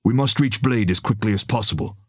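A man voicing a calm, solemn swordsman. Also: on the low side, a little fast, slightly rough, no room sound, studio quality. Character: calm, serious young male swordsman.

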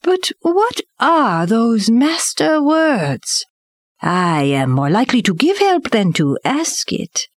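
A woman's voice: a little high, sing-song, slow, no room sound, voice pushed up, exaggerated voice. A proud male black panther speaks in a scornful, teasing drawl, as a woman reading the storybook puts him on. The voice sits well above her own and stretches out its words. The recording is close and dry. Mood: wry.

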